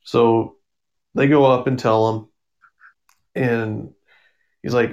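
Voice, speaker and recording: A man's voice: medium pitch, fairly even intonation, slow, a little mellow, lo-fi sound. Casting: easygoing guy chatting about comics, mid-range voice, loose and rambling. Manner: rambling, with frequent ums and self-corrections. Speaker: comic book reviewer. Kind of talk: casual spoken review.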